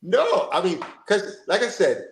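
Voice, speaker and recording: A man's voice: sits high, a little slow. Jamaican man with a roomy echo. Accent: Jamaican, switching to American. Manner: animated, code-switching, storytelling. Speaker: football coach and co-host. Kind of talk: casual livestream chat.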